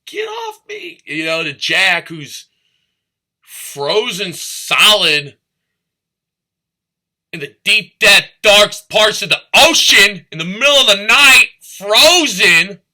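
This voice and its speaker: Bright-voiced man rambling slowly. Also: high voice, expressive. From St. Louis, Missouri. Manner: rambling, profane, freestyle rhyming, drifting between topics. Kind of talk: rambling stream-of-consciousness monologue.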